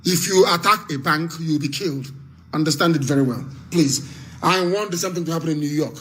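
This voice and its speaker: A man's voice: on the high side, fairly quick, fairly bright tone, a little hiss or hum. A man from Nigeria with a Nigerian accent, giving a fiery, repetitive live radio address as an activist broadcaster.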